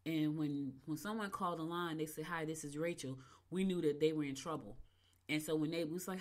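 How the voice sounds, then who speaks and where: Woman podcast host, lower register, casual digressive storyteller who acts out quoted dialogue. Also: brisk, darkish tone.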